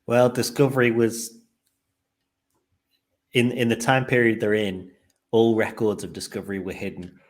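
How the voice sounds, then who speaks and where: A man's voice: on the low side, level tone, normal speed, long pauses. A man co-hosting a podcast in casual chat, with dry, teasing remarks. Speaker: podcast co-host.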